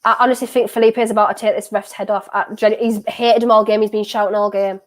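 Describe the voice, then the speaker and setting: A woman's voice: medium pitch, quick pace. A young woman, live-streaming her reactions to a football match and chatting to viewers. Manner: excitable, swings from laughing to dejected, talks to viewers. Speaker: streamer hosting a football watchalong.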